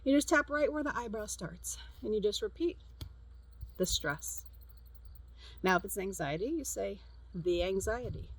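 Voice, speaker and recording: A woman's voice: medium pitch, lively intonation, fairly quick, husky, poor audio. A middle-aged woman, a counselor, casually demonstrating a tapping technique outdoors, chatty and repeating short cue phrases, with an easy laugh. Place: outdoors at a farm.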